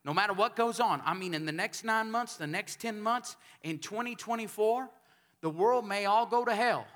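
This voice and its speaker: A man from Texas, a pastor preaching a sermon in a church sanctuary, telling stories and building up to shouted calls for amens. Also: high-pitched, moderate pace.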